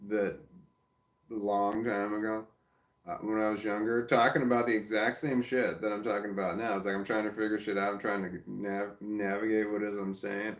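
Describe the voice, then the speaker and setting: A man talking casually and self-reflectively to his camera, rambling, trailing off and restarting his sentences. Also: lowish voice. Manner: soft baby-talk to his dog. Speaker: vlogger. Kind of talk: casual personal vlog. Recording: roomy echo.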